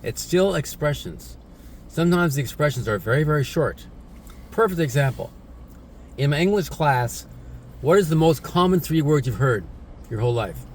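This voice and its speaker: This male English teacher talks at a moderate pace in a fairly high voice with lively intonation, pausing often. His casual spoken lesson is repetitive, peppered with tags such as "right?" and "isn't it?", over a little hiss or hum.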